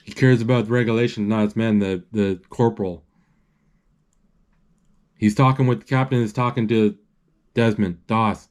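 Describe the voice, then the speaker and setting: A man retelling a film as it plays, describing scenes and reading lines aloud in a halting way with many restarts. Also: lowish voice. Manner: halting, restarts often, reads out dialogue flatly. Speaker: movie narrator. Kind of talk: casual live retelling of a film.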